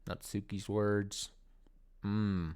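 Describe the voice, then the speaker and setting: A man's voice: fairly low pitch, little pitch movement, extremely slow, a little mellow, clear, resonant tone. A man streaming a game, talking casually, swearing and laughing often. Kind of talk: casual let's play commentary.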